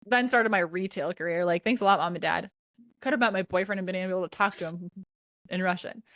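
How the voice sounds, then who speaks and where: Fairly quick and fairly low in pitch, this thirtysomething podcast host chats casually over a video call, giggling and animatedly quoting people as she tells stories. The studio sound is clean, with no echo.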